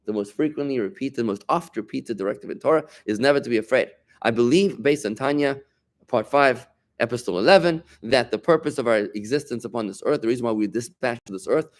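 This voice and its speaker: A middle-aged rabbi leads an informal Torah class with a man's mid-range voice. He talks animatedly and conversationally, leaning hard on key phrases and tossing quick remarks to his students. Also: mid-range voice. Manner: animated, emphatic, conversational, bantering with listeners.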